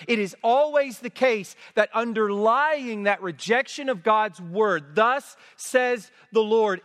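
A high-pitched man delivers a slow, deliberate sermon in a church sanctuary. He leans on repeated phrases for emphasis, and his voice rings with the long reverb of a large hall. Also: fairly bright tone. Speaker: preacher.

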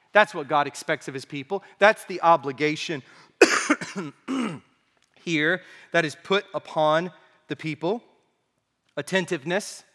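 A man preaching a sermon as pastor, swinging from quiet asides to emphatic rising phrases, with an occasional cough. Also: sits high. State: coughing now and then. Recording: long hall reverb.

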